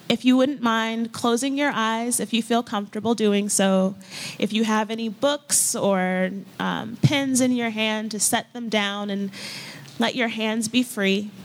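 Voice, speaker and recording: A woman pastor preaching and gently leading her congregation through a guided scripture practice, with an unhurried, inviting manner. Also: a little high. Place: church hall with folding chairs.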